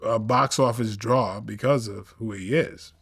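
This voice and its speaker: A man's voice: lowish voice, a little slow, gravelly, fairly bright tone, slightly rough, dry recording. A man appearing as an actor guest in a casual interview, playful and evasive, often restarting his sentences.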